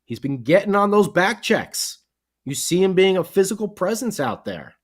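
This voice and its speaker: An excitable man co-hosting a sports podcast, talking in a fairly high voice. His pitch leaps around constantly. He rambles, restarts sentences and drops in little exclamations. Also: moderate pace. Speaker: podcast co-host. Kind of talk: casual sports podcast chat.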